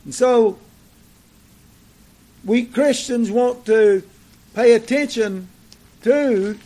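An older man preaching a sermon to his congregation, deliberate and repetitive, with occasional fillers. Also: extremely high pitch, mellow. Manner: slow, deliberate preaching with repeated phrases and fillers.

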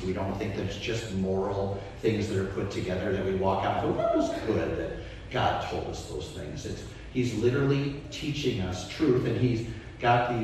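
A man's voice: on the low side, slight background noise. A man preaching a sermon as a pastor, his voice rising and falling with emphasis. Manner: animated preaching, voice rising and dropping. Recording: echoey church hall, mic far off.

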